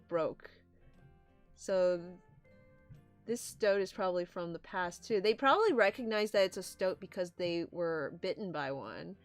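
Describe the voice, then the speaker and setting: A young woman casually reading a comic aloud and commenting, animated and excitable. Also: mid-range voice, smooth. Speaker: comic reader.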